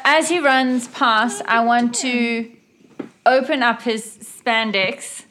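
A woman playing a tabletop role-playing game, describing her character's moves in an unhurried, mischievous way. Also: a little high, fairly even intonation, fairly bright tone, a little hiss or hum.

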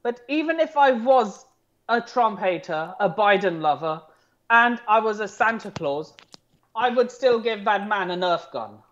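A man from the UK co-hosting a casual political chat, talking in an animated, sarcastic way. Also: sits high, unhurried. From United Kingdom. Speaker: co-host. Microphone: headphones and desk mic. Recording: dull lo-fi sound.

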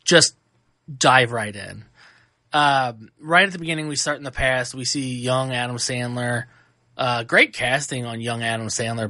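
A man hosting a podcast, giving a casual and animated movie review full of fillers and restarts. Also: medium pitch, no echo, clean studio sound. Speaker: podcast host.

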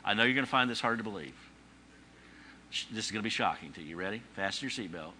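A man's voice: fairly low pitch, animated, quick pace, bright, forceful tone, a little hiss or hum. A man preaching a sermon in a conversational teaching manner, using rhetorical questions, dry humor and emphatic repetition. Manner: emphatic repetition, rising on key phrases. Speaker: pastor.

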